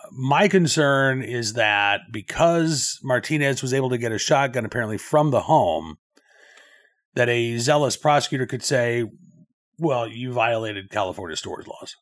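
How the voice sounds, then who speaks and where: A man hosting a news commentary show, talking things through in a loose, conversational way with frequent filler pauses. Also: medium pitch, a bit bright.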